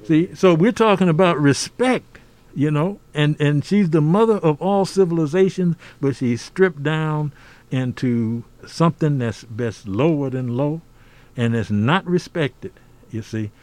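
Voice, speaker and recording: A man's voice: on the high side, expressive, unhurried, darkish tone. An older man from the United States giving a podcast interview, talking emphatically and preacherly, often adding "see?". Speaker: podcast guest. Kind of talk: conversational interview.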